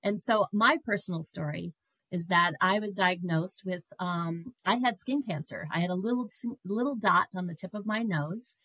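Middle-aged woman guest, animated personal storytelling, low-pitched voice, dry sound. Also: moderate pace, husky, no room sound, poor audio. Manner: animated, breaks into laughter.

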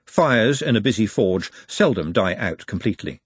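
A man narrates a storybook in a wry, even-paced way, his voice slightly husky. His pitch moves in a lively way through the sentences. The sound is close and dry with no room around it. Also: moderate pace, no room sound. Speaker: audiobook narrator.

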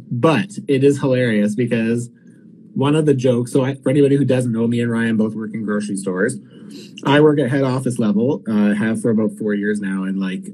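A man's voice: mid-range voice, darkish tone, a little hiss or hum, rough recording. A man co-hosting a casual podcast, worn out and rambling, swearing and laughing as he talks. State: tired. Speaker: podcast co-host.

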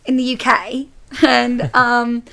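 A woman in her twenties, a guest on a podcast, chatting in an animated way and saying "like" a lot. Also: fairly high pitch, takes it slowly, vocal fry. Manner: chatty and animated, fills speech with "like". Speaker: podcast guest, actor and YouTuber. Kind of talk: casual chat.

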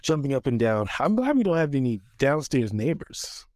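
A man's voice: medium pitch, big pitch swings, moderate pace, a little mellow, no room sound, studio quality. A man co-hosting a podcast, chatting casually with wry, teasing remarks. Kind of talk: casual chat.

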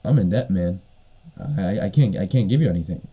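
A man's voice: sits low, animated, fairly quick, warm tone, slightly rough. A man voicing a greedy, defensive sick peasant who answers curtly.

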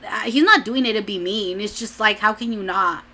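A woman's voice: mid-range voice, a little fast, bright, forceful tone. A young adult woman vlogger chatting casually, rambling with lots of "like"s and restarts, and often laughing. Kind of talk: casual chat.

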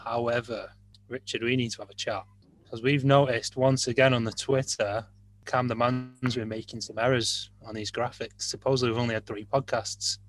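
A man's voice: mid-range voice, fairly even intonation, normal speed, dry recording. A man hosting a casual podcast chat, joking and teasing his co-hosts. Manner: jokey, teasing. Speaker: podcast host.

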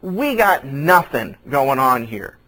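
A man's voice: medium pitch, sing-song, slow pace, bright, forceful tone, pitched below the performer's own voice, full character voice, rough recording. A male pastor voicing a weary, blunt fisherman in plain, grumbling everyday speech. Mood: grudging. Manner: casual, grumbling, plain-spoken.

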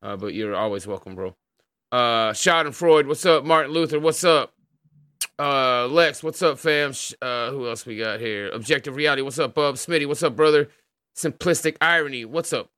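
A man's voice: medium pitch, moderate pace, pushed and bright, no echo, clean studio sound. A man with an American accent hosting a livestream in casual chat, laid-back and swearing freely as he greets viewers. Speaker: livestream host.

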